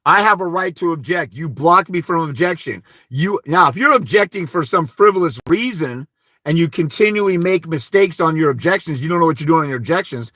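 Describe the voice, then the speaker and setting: This slightly fast, slightly high male voice has lively intonation and a fairly bright tone, captured in studio quality with no echo. He hosts a live legal-advice stream, telling listeners bluntly and emphatically to confront the court. He imitates timid people with a mumbling "wah wah."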